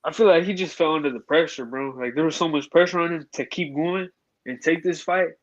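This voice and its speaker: Man, higher voice, laid-back boxing talk, muffled lo-fi sound. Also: brisk. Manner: laid-back, says bro a lot.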